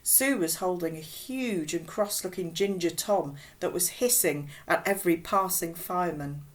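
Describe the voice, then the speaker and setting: A woman reading a children's novel aloud with expressive, unhurried storybook narration. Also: lowish voice. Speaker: audiobook reader.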